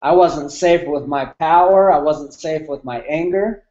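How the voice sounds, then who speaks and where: A man's voice: fairly high pitch, a little slow, warm tone, echoey room, highs cut off. A man in his thirties telling a candid, emotional personal story as an interview guest, with many fillers. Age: 30s.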